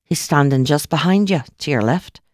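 A woman voicing a lively elderly Irish woman, a spirit medium who talks brightly and matter-of-factly. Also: low voice, moderate pace, no echo, studio quality, close to an everyday voice.

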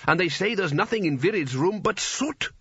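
A man reading aloud, voicing a suspicious old wizard who blusters loudly and gets flustered. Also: high-pitched, expressive, moderate pace, slightly rough, dry recording, dull audio, voice pushed up, full character voice. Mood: blustering.

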